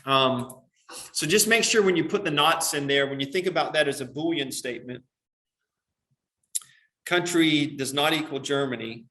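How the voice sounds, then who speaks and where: Bright-voiced man teaching a coding class. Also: a little high, moderate pace, pauses often. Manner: explains step by step, many "um" and "right?" checks. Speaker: computer science teacher. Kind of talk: classroom lesson on screen.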